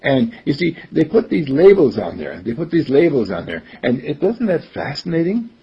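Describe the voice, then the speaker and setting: This older man's husky, gravelly voice is on the high side, with wildly swooping pitch at a moderate pace. Giving a conversational talk, he tells stories, acts out the people in them, and often chuckles; the recording is dull and lo-fi.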